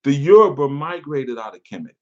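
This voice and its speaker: A man's voice: medium pitch, expressive, a little fast, a little mellow. A man teaching on spiritual matters, answering a critic with sarcasm and scorn. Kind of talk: reading out and mocking a viewer's comment. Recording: dull lo-fi sound.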